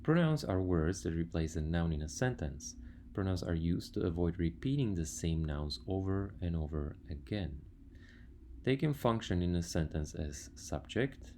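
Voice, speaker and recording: A man's voice: low voice, dark tone, a little hiss or hum. A man teaching a language lesson, patiently listing words one by one and explaining grammar step by step. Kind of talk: slide lecture on grammar.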